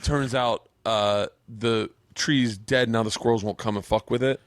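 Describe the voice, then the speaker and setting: A man's voice: medium pitch, a little slow, dry recording. A man from Florida hosting a podcast, telling stories in casual chat and acting out voices with plenty of cursing. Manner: animated storyteller who acts out quotes with cursing. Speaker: podcast host.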